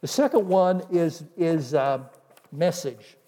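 A man preaching a teaching sermon, quoting scripture in a slower, softer voice. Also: fairly high pitch, long reverb tail. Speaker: pastor.

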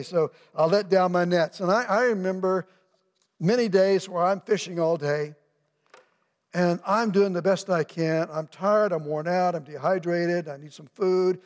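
A middle-aged man, pitched fairly high, delivers a sermon from the pulpit. He talks in an animated way and slips into the voices of the people in his story. The sound carries a long reverb from the church sanctuary. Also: unhurried. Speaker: pastor.

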